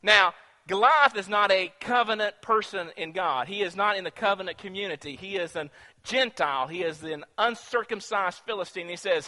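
High-voiced, animated male preacher. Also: normal speed, big-room sound. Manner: animated storytelling, switching between hushed and emphatic. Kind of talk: sermon.

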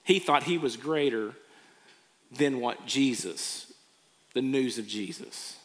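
A man's voice: medium pitch, takes it slowly. Earnest preaching man in a reverberant hall. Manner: earnest, acts out quoted reactions. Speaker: pastor. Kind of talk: sermon.

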